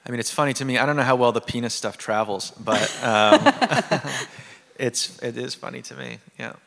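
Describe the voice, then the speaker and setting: A man's voice: mid-range voice, moderate pace, gravelly, a bit bright. A man, an author, speaking in a thoughtful, rambling way during a stage interview in a theater. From United States. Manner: thoughtful, rambling, with fillers and restarts. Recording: long reverb of a theater hall.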